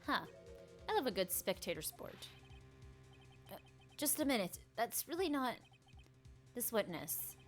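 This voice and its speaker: A woman voicing a cool, self-assured male prosecutor in a lowered, smooth voice. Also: big pitch swings, measured pace, long pauses, faint music behind.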